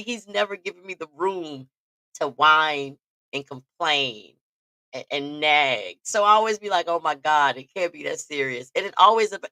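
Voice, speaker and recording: A woman's voice: mid-range voice, sharp tone, dry recording. A woman hosting a casual talk show, telling stories with lots of animation and frequent laughter, talking straight to her listeners. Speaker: podcast host. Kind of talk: casual storytelling chat.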